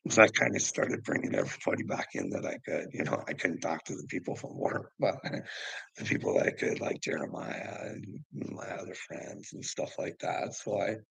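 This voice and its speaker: A man's voice: deep voice, huge pitch swings, normal speed, fairly bright tone, no echo, rough recording. A man telling a personal story to camera in a rambling, profane way, often laughing as he goes. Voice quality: gravelly. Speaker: vlogger.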